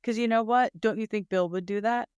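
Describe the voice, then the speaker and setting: A woman talking casually on a podcast, conversational and easygoing, with quick asides between her co-host's stories. The sound is close and dry, with no room around her. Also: fairly high pitch, steady tone, a little mellow, clean tone, no room sound. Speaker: podcast co-host. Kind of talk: casual chat about a reality show.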